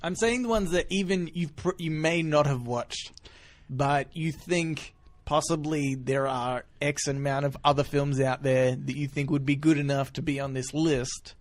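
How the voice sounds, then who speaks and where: A man co-hosting a podcast in casual chat, telling stories in an animated, jokey way. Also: fairly high pitch, measured pace, hardly any pauses. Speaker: podcast co-host.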